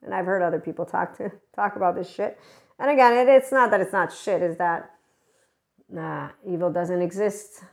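A woman's voice: fairly low pitch, normal speed, creaky. A woman hosting a spiritual talk podcast, speaking in a rambling, candid way, laughing often and swearing freely. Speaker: podcast host. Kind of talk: casual spiritual monologue.

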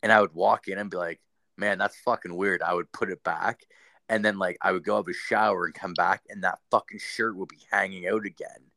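A man's voice: low voice, fairly even intonation, brisk, gravelly, sharp tone, no echo. A young man hosting a podcast, telling a story in a loose, rambling way, swearing constantly and leaning on fillers. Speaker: podcast host. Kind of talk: casual storytelling.

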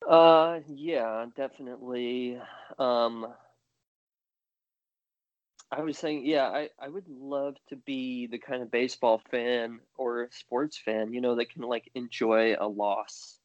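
A man's voice: medium pitch, steady tone, slow, dry recording. A man co-hosting a casual podcast chat, telling rambling, wry stories. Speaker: podcast co-host. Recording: dull, muffled sound.

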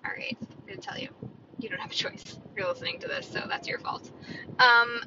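A woman in her thirties rambles through a solo podcast, chatty and opinionated, her voice sitting a bit high. She is recorded on a dull, lo-fi phone mic. Clear traffic noise runs behind her. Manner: chatty and opinionated, lots of "like" and "right?". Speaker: podcast host. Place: parked outdoors near a store parking lot, car or street sounds behind.

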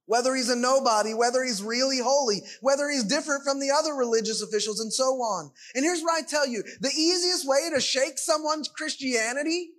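A man's voice: very high-pitched, a little fast, hardly any pauses, a bit bright. A man preaching a sermon, emphatic and full of rhetorical questions.

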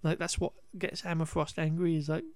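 A man's voice: on the high side, level tone, fairly quick, clear, resonant tone, no room sound. A man co-hosting a podcast, chatting casually through a film recap with frequent restarts and laughter. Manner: rambling, self-correcting, laughs often. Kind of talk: casual chat.

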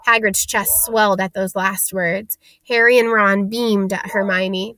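Bright-voiced woman reading a story. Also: medium pitch, steady tone, measured pace, few pauses, no room sound. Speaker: narrator. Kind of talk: storybook read-aloud.

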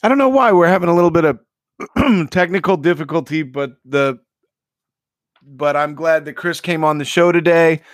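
A man hosting a podcast in casual chat, reacting and interjecting quickly. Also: on the high side, no echo, clean studio sound. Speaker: podcast host.

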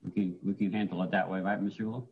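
Chairing a council meeting, a man with a fairly low, gravelly voice works item by item through motions and objections at a measured, procedural pace and a steady tone. The remote call-in audio sounds dull and lo-fi, with a little hiss or hum.

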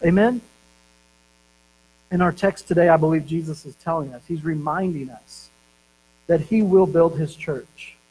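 A man preaching a sermon as pastor, telling stories and slowing down to stress key words. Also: a little high, a little mellow, poor audio.

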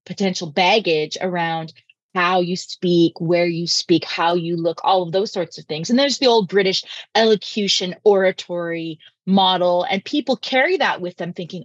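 A woman podcast host and communication coach, talking in a lively, emphatic way. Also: on the low side, moderate pace, no room sound, muffled recording. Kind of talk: casual interview chat.

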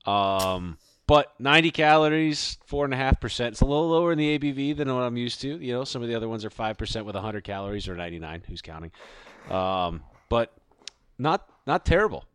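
A man talks casually as a podcast co-host, his voice smooth and resonant. The sound is dry and close, with no room around it. He rambles easily from one point to the next. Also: medium pitch, animated, a little fast, fairly bright tone, no echo. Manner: laid-back, rambling beer talk. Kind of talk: casual chat.

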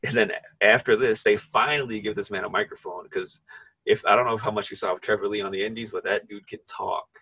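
A young man co-hosting a casual wrestling podcast, rambling excitedly and laughing often. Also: lowish voice, a little fast, slightly rough, no room sound, poor audio. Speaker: podcast co-host.

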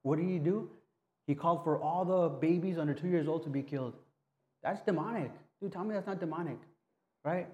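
Mellow-voiced man preaching casually. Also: on the high side, lo-fi sound. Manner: casual, halting, frequent restarts and "right?". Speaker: pastor. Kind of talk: conversational sermon.

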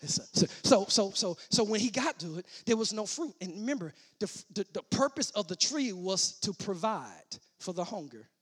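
A man preaching a sermon, starting as casual teaching and building to loud shouted preaching, repeating and restarting his words. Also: high voice, lively intonation, moderate pace, hardly any pauses, slightly rough.

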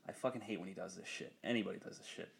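A young man with a low, gravelly voice races through a profanity-heavy story in casual conversation. He laughs a great deal, and when he quotes people he gets animated and his voice jumps up.

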